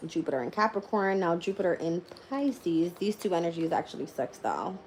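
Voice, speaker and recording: A woman's voice: lowish voice, lively intonation, brisk, a little mellow, slight background noise. A woman giving a live-stream tarot reading and chatting casually, tired, laughing often and swearing freely. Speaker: tarot reader.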